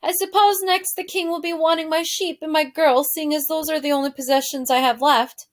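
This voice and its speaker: Woman voicing an old uncle, greedy, blustering, indignant, loud. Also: high-pitched, fairly even intonation, a little fast, voice pushed up. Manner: indignant, shouting.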